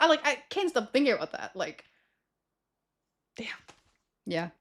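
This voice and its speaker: A woman's voice: on the high side, very animated, a little slow, fairly bright tone. A young adult woman livestreamer telling stories to her chat in a rambling, slangy way, often correcting herself mid-sentence. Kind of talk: casual storytelling to stream chat.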